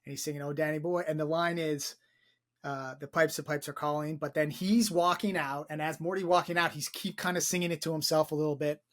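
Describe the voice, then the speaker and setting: A young man co-hosts a film podcast, rambling enthusiastically through a casual discussion, repeating words and swearing freely. His voice is a little high, fairly bright and brisk, with fairly even intonation.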